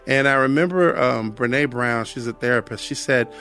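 An American man in middle age speaks with a steady, middling pitch about his life. He sounds earnest and reflective and comes back to his own phrases again and again. Faint music runs underneath. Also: moderate pace. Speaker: guest sharing his testimony. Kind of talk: personal testimony talk.

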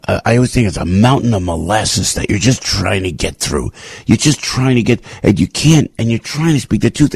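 A man hosting a talk radio show, delivering a rambling, impassioned opinion monologue full of restarts and sudden jumps in pitch. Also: a little mellow, breathy edge, no room sound.

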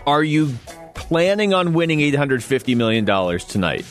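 A man's voice: fairly high pitch, big pitch swings, soft background music. A man hosting a sports radio show from a studio, talking casually and laughing often between points. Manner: chatty, laughs often, quick asides.

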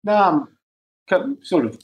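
A man's voice: high-pitched, very animated, measured pace. Man telling a comic story. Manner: comic storyteller acting out phone call voices. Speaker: guest on a chat show. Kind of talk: casual storytelling.

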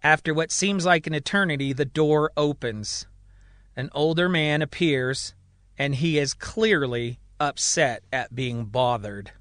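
A man narrating a fiction story and voicing its characters in an animated way. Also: a little slow, dry recording. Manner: animated, voices characters with raised pitch. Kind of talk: storytelling narration with voiced dialogue.

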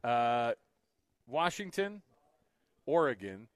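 A man hosting sports talk radio in a jokey, excitable way, laughing often. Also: mid-range voice, slow, clear, resonant tone, no room sound.

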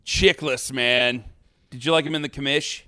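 A man's voice: medium pitch, steady tone, normal speed, pushed and bright. A man co-hosting a podcast, teasing and telling stories in casual chat. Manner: teasing, storytelling banter. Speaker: podcast co-host.

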